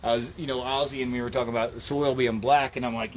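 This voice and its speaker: A man's voice: mid-range voice, fairly even intonation, a little fast. A man chatting casually on a livestream, rambling in an easygoing way. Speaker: musician and vlog host. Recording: loud guitar music underneath.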